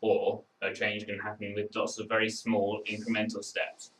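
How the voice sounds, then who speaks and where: Bright-voiced man thinking aloud. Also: fairly low pitch, completely flat delivery, normal speed. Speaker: discussion participant. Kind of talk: casual group discussion. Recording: slightly distant mic.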